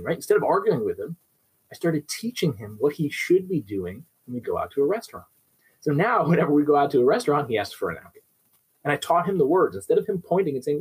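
A man's voice: on the high side, sing-song, quick pace, slightly rough, rough recording. A young adult man who trains dogs, explaining with everyday examples and often checking in with "right?". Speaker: dog trainer. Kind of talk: instructional talk.

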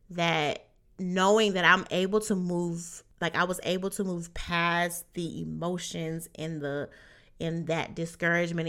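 Young adult woman, podcast host, earnest motivational talk, bright forceful tone. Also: fairly low pitch, clear, resonant tone. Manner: earnest and encouraging, often adds "right?".

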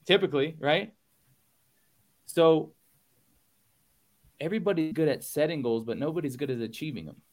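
A man's voice: fairly high pitch, moderate pace, pauses often. A man with a slightly raised voice gives a motivational talk as a business coach on a podcast. He is emphatic and punchy, stacking repeated phrases, and talks casually to his listeners. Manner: casual, addresses listeners as y'all.

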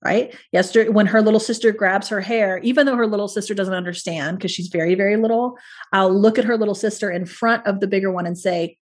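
This is a woman at a middle pitch, guesting on a podcast. She sounds earnest and thoughtful, and her reflections roll on in long, connected runs. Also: fairly even intonation, fast talker. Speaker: guest, parent talking about parenting. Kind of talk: podcast interview conversation.

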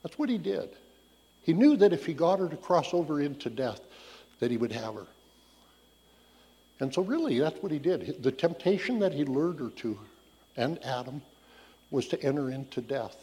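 Husky man teaching in a reverberant hall. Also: a little high, sing-song, moderate pace, long pauses, warm tone. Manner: casual, storytelling, thinking aloud with restarts. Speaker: Bible teacher. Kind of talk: conversational Bible teaching.

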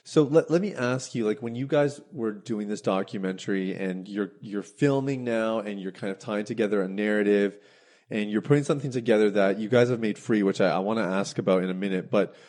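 A man's voice: on the low side, brisk, a little mellow. A man hosting a podcast, giving short affirmations and asking long, rambling questions. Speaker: podcast host. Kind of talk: casual interview chat.

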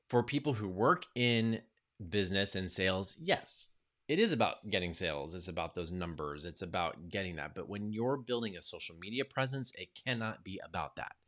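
Low-voiced man coaching in a podcast. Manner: energetic, coaching tone with lively quoted asides. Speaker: podcast host. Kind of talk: solo podcast monologue.

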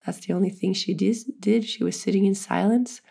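A woman's voice: medium pitch, steady tone, fairly quick, vocal fry, dark tone. A pregnant woman frankly telling her own birth story, earnest and swearing freely. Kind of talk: candid personal storytelling.

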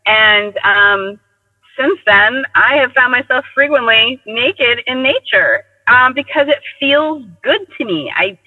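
A man telling personal stories in casual conversation, animated and acting out quoted dialogue. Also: extremely high pitch, slow pace. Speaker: guest sharing personal stories. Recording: tinny phone line with long reverb.

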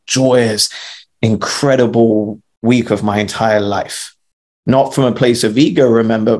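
A man's voice: fairly low pitch, a little mellow. A man co-hosting a podcast, coaching listeners with rhetorical questions and casual swearing. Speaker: podcast co-host. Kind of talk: motivational talk.

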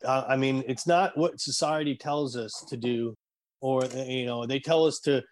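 A man telling an emotional personal story in conversation, earnest and halting, at times choked up. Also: medium pitch. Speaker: guest.

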